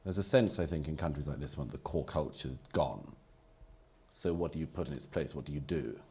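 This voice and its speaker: A man with a strikingly deep, husky voice argues his point on a debate panel. He speaks in an articulate, polemical way with a dry, wry edge. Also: brisk, dark tone.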